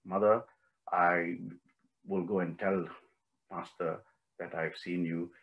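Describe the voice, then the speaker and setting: A man's voice: sits low, steady tone, slow, muffled recording, pitched below the performer's own voice. A man voicing a devoted, humble monkey messenger, speaking earnestly and respectfully.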